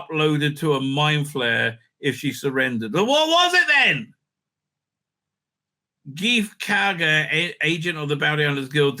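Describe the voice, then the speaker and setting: A man's voice: a little high, sharp tone. A man giving a casual, rambling episode recap and review, full of fillers and crude jokes.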